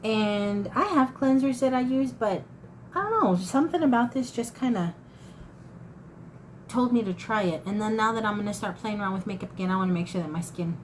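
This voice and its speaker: A woman's voice: mid-range voice, animated, brisk, a little hiss or hum, poor audio. A woman in her fifties chatting casually to viewers about her thrift haul, folksy and talkative. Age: 50s. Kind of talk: casual haul chat to camera.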